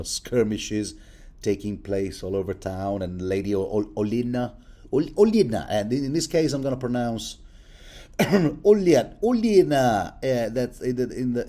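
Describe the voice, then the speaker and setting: A man's voice: lowish voice, mellow. A man giving a rambling, casual book commentary, often stammering, repeating himself and chuckling.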